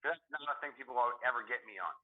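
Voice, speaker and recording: A man co-hosting a podcast, a comedian in casual chat, telling stories in a profane, animated way. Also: medium pitch, very fast. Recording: tinny phone-line sound.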